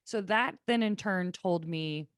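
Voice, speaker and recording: A woman's voice: lowish voice, a little slow, clean tone, no room sound, clean studio sound. A woman hosting a podcast, speaking earnestly and emphatically in casual conversation, with many fillers. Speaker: podcast host.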